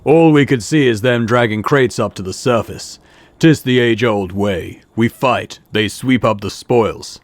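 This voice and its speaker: A man voicing a gruff, proud warrior in a video game, speaking in an old-fashioned, boastful way. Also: mid-range voice, measured pace, no room sound, natural voice. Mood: grim. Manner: archaic, boastful warrior speech. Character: gruff male Norse-style warrior, proud and blunt.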